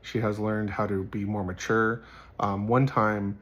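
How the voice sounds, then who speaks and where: A man's voice: lowish voice, little pitch movement, unhurried, fairly bright tone. A man giving a casual Bible teaching, earnest and rambling, telling personal stories and repeating phrases for emphasis.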